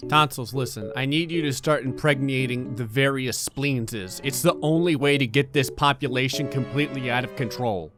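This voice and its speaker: A man's voice: mid-range voice, normal speed, few pauses, over music. A man giving gleeful, sarcastic let's play commentary, laughing often. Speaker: gaming commentator.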